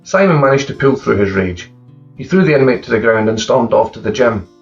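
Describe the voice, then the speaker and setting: A man narrating crime fiction in a steady, gravelly voice. The recording is slightly dull, and a faint guitar plays beneath him throughout. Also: mid-range voice, brisk, distant mic. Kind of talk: dark crime fiction reading.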